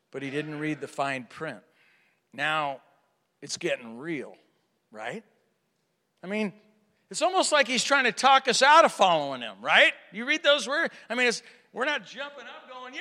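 A man preaching a sermon to a live audience, asking rhetorical questions and swinging from hushed to loud. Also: fairly high pitch. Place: large hall with an audience. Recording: reverberant hall.

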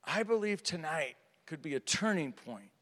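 Bright-voiced man preaching in a hall. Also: a little high, animated, moderate pace. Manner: dramatic, swings from hushed to loud, rhetorical questions. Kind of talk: sermon. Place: large hall with an audience. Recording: reverberant hall.

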